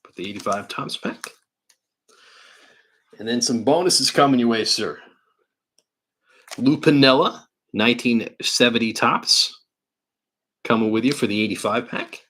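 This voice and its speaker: A New York man hosting a card-break livestream from an indoor studio talks a little slowly, pausing often as he thinks aloud and opens packs. His mid-range voice is husky, pushed and bright, and his chat stays casual.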